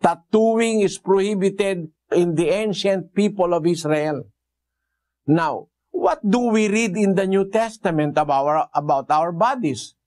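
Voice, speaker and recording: A man preaching a Bible exposition, speaking deliberately with fillers and rhetorical questions to the congregation. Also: high-pitched, a little mellow.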